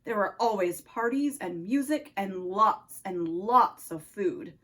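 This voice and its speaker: A gruff, jovial Nutcracker with a Russian accent, put on by a woman reading a storybook aloud. The voice drops far below her own into a deep, booming register. He is proud and kindly and calls everyone comrade. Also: expressive, slow, fairly bright tone.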